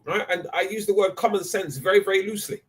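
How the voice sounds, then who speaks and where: Emphatic man with a husky, high voice. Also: fast talker. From Nigeria. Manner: emphatic, repeats "right?". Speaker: host. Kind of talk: passionate live online talk.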